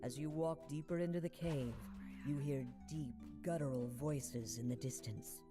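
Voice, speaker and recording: A woman voicing a calm game narrator, reading atmospheric scripted descriptions in a measured way. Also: sits low, music in the background, lightly acted.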